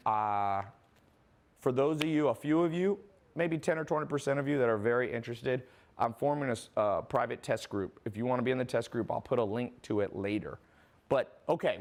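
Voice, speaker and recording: A man's voice: mid-range voice, gravelly. A man giving a casual, rambling sales presentation straight to the viewer, often breaking off and asking "okay?". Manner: rambling, restarts, addresses viewer directly with "okay?". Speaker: online business presenter.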